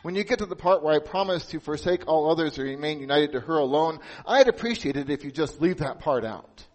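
Preacher doing a young groom making a sly business offer, slightly high voice. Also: male voice, expressive, brisk, poor audio. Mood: wheedling. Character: young groom trying to bribe the pastor.

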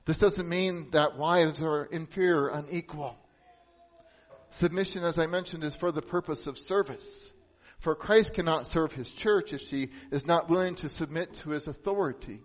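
A man preaching a sermon as pastor. He speaks earnestly and drops to a hushed, solemn tone for emphasis. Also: fairly high pitch, moderate pace, rough recording.

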